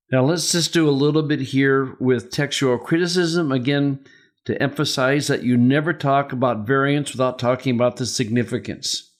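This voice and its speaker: An older man teaching a Greek lesson, explaining the grammar step by step and asking rhetorical questions. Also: mid-range voice. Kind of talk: slow, deliberate Greek lesson.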